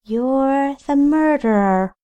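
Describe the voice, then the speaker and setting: A bitter ghost of a young woman, her voice climbing high and eerie as she accuses, put on by a woman reading a story aloud. The delivery is slow and drawn out. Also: animated, dark tone. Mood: accusing.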